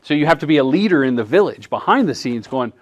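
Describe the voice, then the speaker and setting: A middle-aged man, a commercial director, giving a live workshop talk as an animated storyteller. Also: medium pitch, fast talker. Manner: animated storyteller who acts out quotes.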